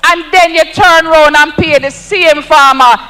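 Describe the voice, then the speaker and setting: High-pitched Jamaican man rousing a rally. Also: normal speed, pushed and bright, big-room sound, low-quality recording. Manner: emphatic, rousing, repeats for effect. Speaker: political speaker at a rally. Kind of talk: campaign rally speech. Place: outdoor campaign rally.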